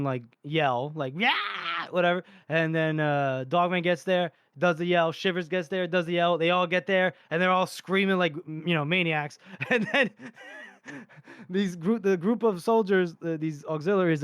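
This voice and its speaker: A man co-hosting a casual book podcast, telling the story in a loose, rambling way, full of laughs and the odd swear. His voice sits fairly high and sounds smooth and clean. The sound is close and dry, with no room around it. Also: normal speed, fairly bright tone, no room sound. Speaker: podcast co-host. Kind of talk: casual book-discussion chat.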